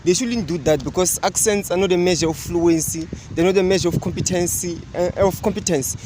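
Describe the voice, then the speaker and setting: A man with a high voice speaks fast in a casual discussion. He hesitates often and repeats words. He is recorded outdoors, with clear traffic and street noise behind him. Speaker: guest.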